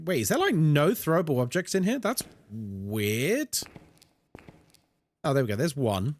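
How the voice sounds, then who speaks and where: A young man streaming a horror game, chatting with his viewers in a jokey, animated way. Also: a little high, measured pace. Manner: animated and chatty, reads chat aloud, jokey asides. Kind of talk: casual live-stream chat while gaming.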